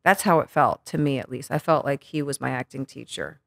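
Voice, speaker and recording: Animated, cursing New woman telling stories. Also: rumbling low, a little fast, creaky. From Queens, New York. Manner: animated, profane, acts out quotes. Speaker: podcast guest. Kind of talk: casual storytelling interview.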